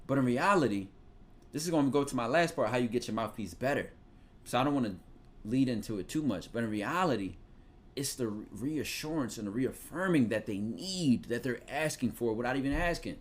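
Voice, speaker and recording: A man's voice: mid-range voice, fairly quick. Philly man talking slangy advice. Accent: Philadelphia. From Philadelphia, USA. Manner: loose, slangy, profane, animated storytelling. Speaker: podcast host giving advice. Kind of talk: casual advice talk.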